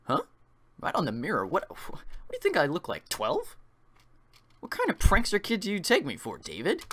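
A man's voice: sits high, wildly swooping pitch, moderate pace, fairly bright tone, a little hiss or hum, pitched above the performer's own voice, heavily acted. A man voicing a brash young male friend who mocks and teases in a cocky way. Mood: mocking. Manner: cocky, mocking.

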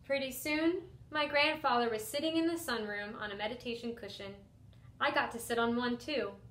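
Expressive woman reading a children's book. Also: a little high, moderate pace. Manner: expressive, first-person storytelling. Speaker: teacher reading a picture book. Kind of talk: storybook read-aloud for children. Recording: roomy echo.

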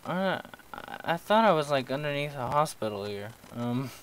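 A man's voice: on the high side, animated, moderate pace, fairly bright tone, a little hiss or hum, poor audio. A young man commentating his own horror gameplay, talking to himself with jokes and yelping when startled. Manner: jumpy, yelps when startled, jokey self-talk. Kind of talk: horror game let's play commentary.

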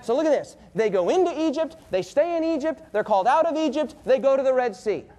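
A man preaching a sermon to a congregation, reading scripture aloud and pausing so the listeners fill in the missing words. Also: very high voice, expressive, warm tone. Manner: reads scripture aloud, emphatic. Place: church.

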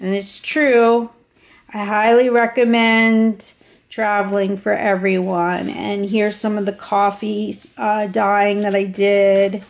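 A woman casually showing off a handmade travel journal to the camera, talking in an unhurried way with fillers and small restarts. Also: medium pitch, level tone, vocal fry. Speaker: craft vlogger. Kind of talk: casual show-and-tell narration.

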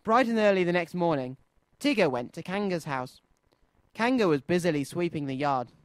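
Expressive man reading a children's story. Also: on the high side, moderate pace, no echo. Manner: expressive, sing-song. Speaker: children's radio presenter.

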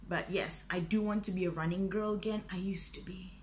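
A woman's voice: medium pitch, fairly even intonation, fairly quick, a little mellow, slight background noise. A young woman, chatting casually and self-deprecatingly to her viewers. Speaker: vlogger. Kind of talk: casual chat to camera.

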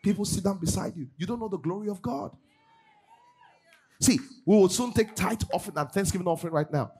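A man's voice: sits high, a little fast, darkish tone, husky. A middle-aged man preaching a sermon as pastor, acting out congregants' voices and laughing often.

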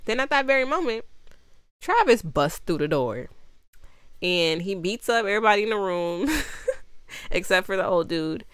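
A woman's voice: mid-range voice, big pitch swings, normal speed, long pauses, a bit bright, clean tone, dry recording. A woman giving a casual, rambling movie recap, exasperated and often laughing, acting out the characters' lines as she goes. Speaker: movie reviewer.

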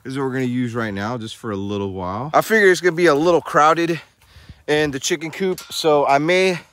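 A man's voice: a little high, brisk, a bit bright. A man hosting his vlog outdoors on a small farm, chatting casually to camera and cooing baby talk at the animals. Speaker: vlog host.

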